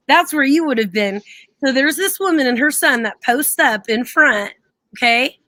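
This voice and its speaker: A young woman with a high, bright voice chats on a live stream and tells animated stories. She laughs often and acts out the quotes. The sound is close and dry. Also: unhurried, no echo. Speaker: co-host. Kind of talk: casual live-stream chat.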